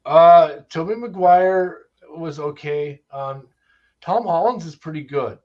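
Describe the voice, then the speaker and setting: A man's voice: fairly high pitch, slow, darkish tone, muffled recording. An American man co-hosting a casual chat, thoughtful, putting questions to the others. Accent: American English. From United States. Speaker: podcast co-host.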